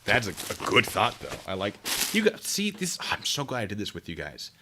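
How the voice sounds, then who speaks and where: Chatting casually with his stream audience as he packs care kits, a man jokes and teases himself. His fairly low voice swoops wildly in pitch and runs a little fast, over very noisy audio.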